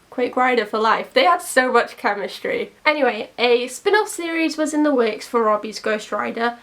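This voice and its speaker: A young woman with a high voice gives casual commentary to her channel. She talks in a chatty, opinionated way and laughs at her own jokes. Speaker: YouTuber.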